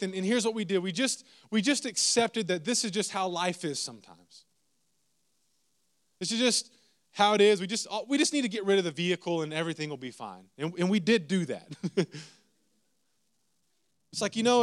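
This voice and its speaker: Animated storytelling preacher. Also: male voice, sits high. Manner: animated, self-mocking storytelling with asides to the audience. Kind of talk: storytelling sermon.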